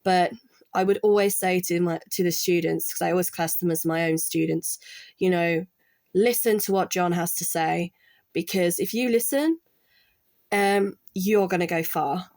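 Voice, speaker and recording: A woman's voice: on the low side, normal speed, darkish tone, no room sound. A middle-aged woman chatting casually while she works on art, rambling with restarts and quoting people she worked with. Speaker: artist and former college art support worker.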